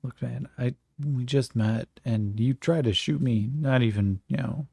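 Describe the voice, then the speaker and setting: A man's voice: mid-range voice, measured pace, gravelly, a little mellow, slightly rough, no echo, studio quality. A man voicing a wary, blunt hunter in a solo tabletop game. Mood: annoyed. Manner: blunt, curt.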